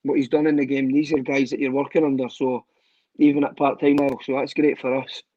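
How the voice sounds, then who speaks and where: A Scottish man, a footballer guest, telling lively, profane stories in a casual podcast chat. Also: medium pitch, a little fast, no room sound, dull audio. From Scotland. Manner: lively storyteller, swears, laughs often.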